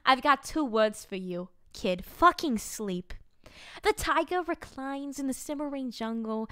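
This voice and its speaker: A woman voicing an exasperated adult who loudly reads a cursing bedtime story in a mock-stern way. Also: sits high, no echo, studio quality, pitched above the performer's own voice, exaggerated voice. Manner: loud, mock-stern reading aloud. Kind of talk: comic bedtime story reading.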